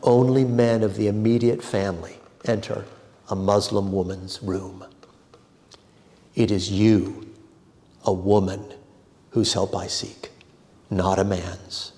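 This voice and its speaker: A man voicing a polite but firm, resigned husband who speaks in a courteous, steady way, read aloud in a reverberant hall. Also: lowish voice, slow, long pauses.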